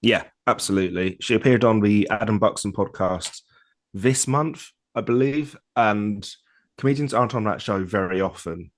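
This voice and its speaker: A man's voice: lowish voice, normal speed. A man in his thirties co-hosting a podcast in easygoing, enthusiastic casual chat. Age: 30s. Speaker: podcast co-host.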